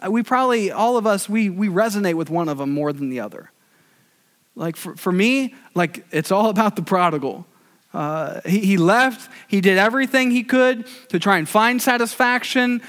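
Male preacher, fairly high voice, conversational and animated storytelling. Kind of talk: casual sermon.

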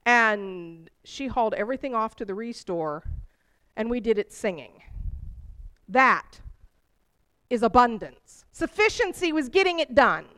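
A woman giving a sermon, telling personal stories in an animated way that rises with emotion. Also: a little high, measured pace, pauses often. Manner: animated storytelling, voice rising with emotion. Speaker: preacher.

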